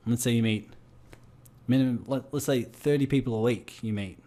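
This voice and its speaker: A man's voice: medium pitch, normal speed, warm tone. A man with an Australian accent leading a group coaching call over a video call, firing rhetorical questions at his listeners. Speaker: business coach.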